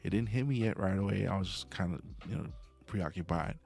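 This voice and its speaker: Gravelly low-voiced guy rambling through a late-night stream story, gets fired up about right and wrong, faint music behind. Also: brisk, a little mellow. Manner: meandering, gets worked up about morals. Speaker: livestream host. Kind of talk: casual storytelling to viewers. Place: home at night.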